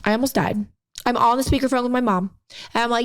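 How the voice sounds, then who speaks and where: A woman's voice: on the high side, a little fast, dry recording. A young woman cohosting a casual podcast, telling a story and acting out the quotes. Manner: animated storyteller who acts out quotes. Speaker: podcast co-host.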